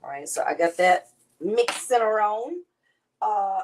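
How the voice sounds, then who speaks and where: A woman's voice: medium pitch, expressive, unhurried, background noise. A woman, chatting to viewers as she hosts a casual cooking demonstration. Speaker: cooking show host.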